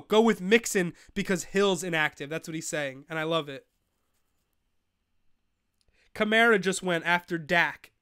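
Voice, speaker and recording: Young man, show host, casual live chat, excitable, swearing, crisp tone. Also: high-pitched, dry recording, studio quality. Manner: excitable, swears, rants in frustration. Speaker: fantasy football show host. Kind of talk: live-streamed casual commentary.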